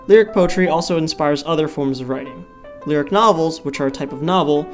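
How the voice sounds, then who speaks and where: A man reading a school presentation from a script in a steady voice. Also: a little high. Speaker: student presenter. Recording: soft guitar music behind.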